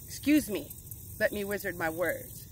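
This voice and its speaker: Outdoors in nature with birds around, a middle-aged well-being coach talks casually in a motivational vlog. Her fairly low voice has lively intonation at normal speed, earnest, affirming and emphatic, with a little hiss or hum on the audio.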